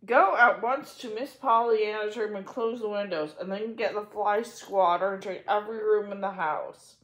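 A woman's voice: mid-range voice, moderate pace, a bit bright, close to an everyday voice. A woman voicing a stern, strict middle-aged aunt who speaks in a clipped way. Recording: echoey room.

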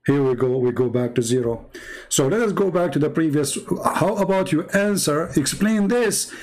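Sarcastic Arabic-accented man, fairly high voice. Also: expressive, moderate pace, a little mellow. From Middle East. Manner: sarcastic and mocking, laughs at his opponent; broken English grammar. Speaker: host. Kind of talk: mocking live-stream rant.

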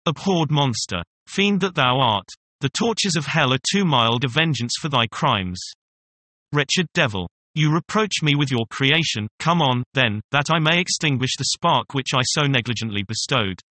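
A man's voice: mid-range voice, expressive, moderate pace, bright, forceful tone. A man reading the part of a proud, vengeful young male scientist, in an impassioned, declamatory way. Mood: furious.

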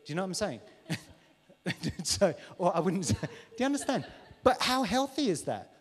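A man's voice: high voice, moderate pace. A man preaching a live sermon in a church, candid and conversational, who acts out lines in an overexcited voice. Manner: animated, acts out dialogues with a mocking overexcited voice. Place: large church hall. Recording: church hall reverb, live stream.

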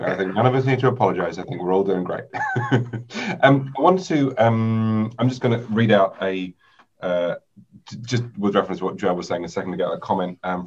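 A man's voice: deep voice, dull audio. A man moderating an online panel discussion, thoughtful and rambling, with plenty of fillers.

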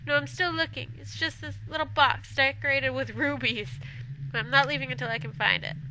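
Woman doing earnest young woman, fairly high voice, polite, noisy background hiss. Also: steady tone, brisk, bright, forceful tone.

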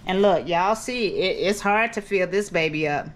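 A woman's voice: lowish voice, normal speed, a little hiss or hum. A middle-aged woman vlogging in her kitchen at home, rambling and chatty, calling her viewers cousins. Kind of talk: casual chat to camera.

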